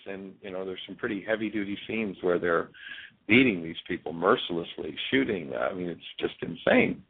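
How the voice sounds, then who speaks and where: An earnest man talks as a radio guest, telling stories with frequent restarts. His voice is low and husky. It comes through a tinny telephone line. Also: normal speed. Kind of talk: radio interview talk.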